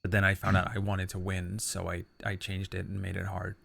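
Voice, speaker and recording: A man's voice: low voice, monotone, brisk, vocal fry, fairly bright tone, breathy edge, no echo. A man playing a tabletop game in casual chat, wry, joking and blunt. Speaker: player.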